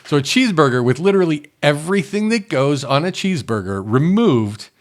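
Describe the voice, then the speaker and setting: Man, podcast co-host, rambling and halting delivery, very animated intonation. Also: fairly high pitch. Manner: rambling, halting, with restarts and asides. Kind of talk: casual podcast chat, reading an article aloud.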